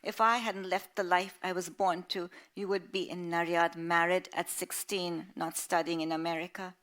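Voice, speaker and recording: A woman voicing a gruff, iron-willed old grandfather who blusters loudly in a storybook reading. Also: on the low side, flat delivery, moderate pace, natural voice. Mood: blustering. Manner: loud and blustering.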